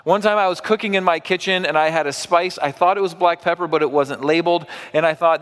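A man's voice: fairly high pitch, a little fast, hardly any pauses, fairly bright tone, long reverb tail. A man preaching a sermon in a church, talking to the congregation in a conversational way with asides and questions. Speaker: pastor.

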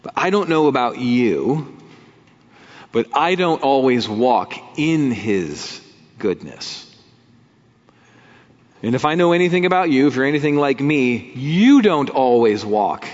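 A man's voice: mid-range voice, very animated, slow pace, long pauses, a little mellow. A man preaching a sermon in a conversational way, with vivid everyday images. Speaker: pastor. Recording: dull sound with long hall reverb.

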